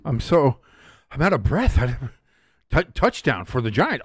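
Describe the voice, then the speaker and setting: A man hosting a live watch-along stream, chatting casually as an excitable fan and reading out comments from his chat. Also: medium pitch, a little slow, pauses often, no room sound, studio quality.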